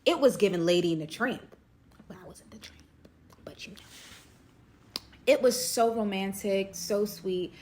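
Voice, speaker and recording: A woman telling a casual storytime tale, slangy and animated, acting out the dialogue. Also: medium pitch.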